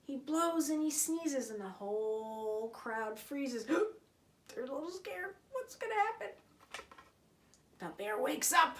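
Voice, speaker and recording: A woman reading a picture book aloud to children in an expressive, sing-song way. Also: sits high, slow pace. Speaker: storyteller.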